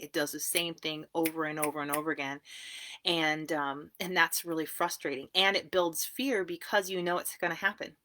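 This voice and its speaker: A woman therapist giving a casual live video talk from a small home closet, chatty and quick to laugh. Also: low-pitched. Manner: chatty, laughs easily, warm asides. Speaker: therapist and wellness coach.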